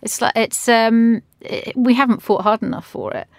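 A woman speaking as a guest in an interview, pausing and restarting often as she searches for words. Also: fairly high pitch, steady tone, dry recording, clean studio sound. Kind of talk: conversational interview talk.

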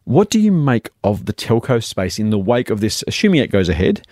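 An Australian man talks fast, his voice leaping up and down in pitch. He sounds dry and close, with no room around him. He hosts a casual finance chat and often sounds exasperated. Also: no room sound. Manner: animated, exasperated about complainers. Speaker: finance podcast host.

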